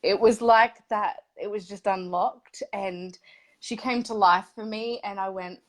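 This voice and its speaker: A woman hosting a casual interview series, effusive and animated, often laughing mid-sentence. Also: mid-range voice, measured pace.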